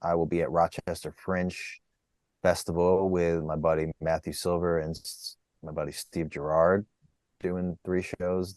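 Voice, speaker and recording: A man in casual chat as a comedian guest, with dry, deadpan quips. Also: sits low, no echo.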